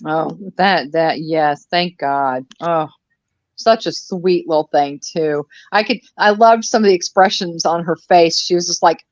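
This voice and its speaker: Unhurried and fairly low-voiced, a woman co-hosts a live stream, chatting loosely, meandering through anecdotes and swearing without restraint. The recording is dry and lo-fi, slightly dull.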